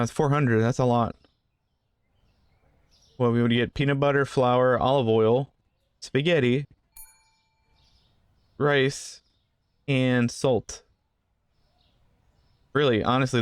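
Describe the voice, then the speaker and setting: A man's voice: medium pitch, clear, resonant tone, no echo, studio quality. A man giving casual gameplay commentary, rambling through asides and joking with the customers in the game. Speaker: gaming channel host.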